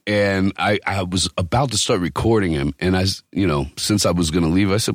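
A man co-hosting a podcast, telling stories in a profane, animated casual chat. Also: sits low, a little fast, breathy edge, no room sound, clean studio sound. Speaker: podcast co-host.

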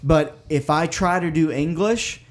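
Joking Southern man, slightly high voice. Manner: joking, quick banter. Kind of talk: casual chat.

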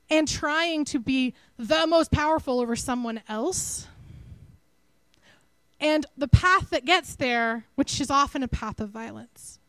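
A woman with a Texan accent giving a conversational, animated sermon to her church. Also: high-pitched, no echo, poor audio. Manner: conversational, animated, self-deprecating. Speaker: preacher.

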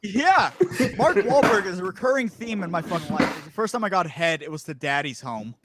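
A man's voice: high-pitched, animated, fairly quick, very noisy. A man in crude casual chat, swearing and rambling through stories with his friends. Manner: loose, swearing, rambling storyteller.

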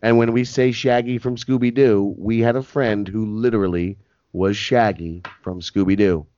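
A man co-hosting a podcast, dropping crude deadpan one-liners in casual banter. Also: lowish voice, normal speed. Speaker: podcast co-host. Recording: dull lo-fi podcast audio.

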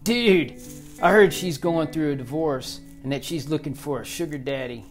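A man's voice: fairly high pitch, normal speed, soft background music, close to an everyday voice. A man voicing a crass, wisecracking male friend who teases and eggs his buddy on, in an audiobook. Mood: teasing. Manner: crass, teasing, egging on.

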